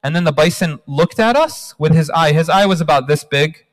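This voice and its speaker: A man in his thirties tells a religious story to a hall audience in an animated, engaging way. His voice sits high for a man. A long reverb follows him through the large hall. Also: normal speed. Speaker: guest speaker. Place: large hall at a community talk night.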